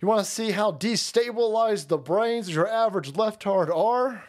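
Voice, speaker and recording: A man's voice: high voice, darkish tone. A man hosting a livestream, giving crude, mocking commentary on a video and laughing often. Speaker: livestream host.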